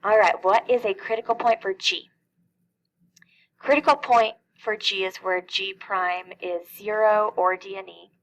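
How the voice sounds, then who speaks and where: A woman's voice: mid-range voice, steady tone, measured pace, fairly bright tone, dull audio. A middle-aged woman teaching a calculus lesson, explaining each step and asking questions that she then answers herself. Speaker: math teacher.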